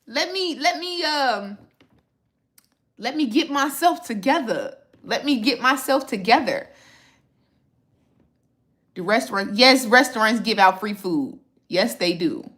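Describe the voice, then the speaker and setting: Animated, lively woman on a livestream. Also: fairly high pitch, unhurried. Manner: animated, reads and answers viewer comments, repeats herself. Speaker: food reviewer and content creator. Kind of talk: casual livestream chat. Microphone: phone livestream.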